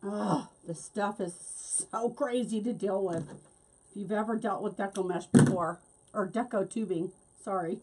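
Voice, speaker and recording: A woman's voice: mid-range voice, normal speed, dark tone, slightly rough. A middle-aged woman hosting a casual craft tutorial, chatting and laughing as she works. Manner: chatty, laughs often, talks while working. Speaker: wreath-making host.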